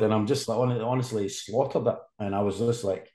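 Man, fifties, low voice, roomy echo, lively anecdote teller. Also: brisk, slight background noise. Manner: animated anecdote-telling, lively asides. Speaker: sports journalist, podcast guest. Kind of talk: casual storytelling.

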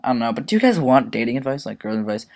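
Brief: teen boy, offhand gaming commentary, crude jokes, rambling, average pitch, mock voices here and there. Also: big pitch swings, very fast, a little mellow. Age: teens.

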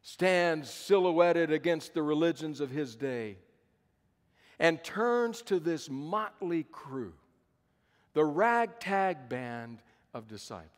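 A man's voice: fairly high pitch, animated, slow pace. A pastor in his fifties preaching a sermon at a conference, telling the story dramatically with emphatic repetition. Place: conference hall. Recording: long hall reverb.

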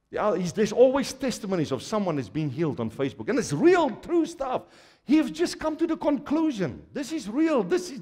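A man from Africa preaching a sermon to a congregation, animated and full of laughter, swinging from quiet asides to loud exclamations. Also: medium pitch. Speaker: pastor. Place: large church hall. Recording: church hall reverb.

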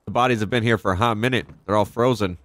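A young man casually commenting as he plays a video game, excitable and profane, reacting out loud to the action. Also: lowish voice, fast talker. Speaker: gaming channel host. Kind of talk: casual let's-play commentary.

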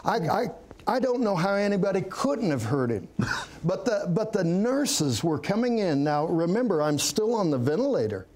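A man's voice: high voice, very animated, moderate pace, darkish tone. A middle-aged man, a pastor, telling his testimony in an interview, earnest and storytelling, laughing now and then. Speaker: pastor, guest.

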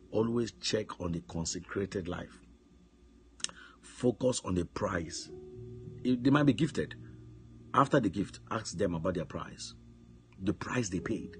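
Deep-voiced man preaching a sermon. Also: slight background noise. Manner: storytelling preacher who shouts commands and repeats words.

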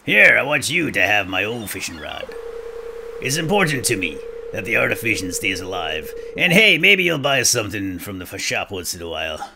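A man's voice: fairly low pitch, very animated, moderate pace, gravelly, noisy background. A man voicing a weathered old male fisherman, talking in a folksy sailor's manner. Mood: folksy, hearty. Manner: salty sailor talk with a folksy drawl.

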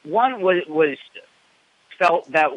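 A man calling in an indignant, halting way with lots of fillers and restarts, over muffled phone audio. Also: fairly high pitch, expressive, crowd noise. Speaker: caller. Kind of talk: phone complaint.

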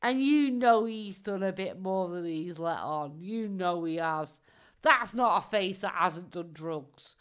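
A woman's voice: lowish voice, expressive, takes it slowly, clear, resonant tone. A woman, giving casual live-stream commentary in a mocking tone, laughing often and swearing freely.

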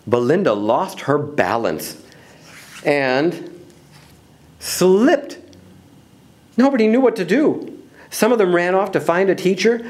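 A man reading a children's picture book aloud in an expressive, animated way. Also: medium pitch. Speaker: storybook reader.

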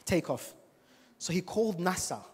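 A male preacher giving a church sermon, animated and full of rhetorical questions to the congregation. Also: high-pitched, moderate pace, husky. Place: church service. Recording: long reverb of a large church hall.

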